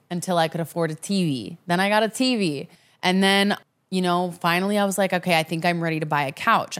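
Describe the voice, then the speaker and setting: A woman vlogger candidly telling her personal story in a frank, conversational way, speaking from her apartment living room. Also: sits low. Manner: frank and conversational, with frequent "like" and "you know".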